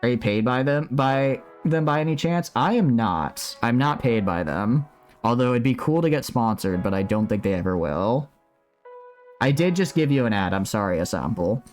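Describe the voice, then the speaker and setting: Man, streamer, casual chat, lively ups and downs, mid pitch, faint background music. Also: normal speed. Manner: animated, chatty, reacting to chat. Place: at home, building a model kit.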